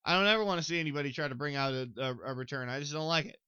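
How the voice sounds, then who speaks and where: A young man with a twang rattles through a solo sports podcast in a bright, sharp voice that sits a little high. He is excitable, talks right to his listeners and swears freely. The sound is crisp and dry, close on the mic. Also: racing, no room sound, low-quality recording. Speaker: podcast host.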